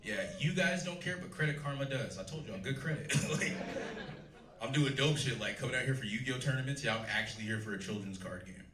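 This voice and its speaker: A male stand-up comedian in his thirties works a live crowd, loud and cracking himself up. His voice sounds set back from the mic, bouncing around an echoey club. Audience laughter and chatter fill the room. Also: mid-range voice, lively intonation, fast, far from the mic. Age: 30s.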